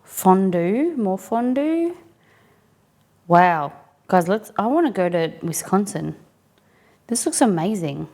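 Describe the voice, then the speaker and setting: Chatty woman, live cooking stream host, middle pitch, casual chat. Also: very animated, takes it slowly, pauses often, dark tone. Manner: chatty, greets chat viewers by name.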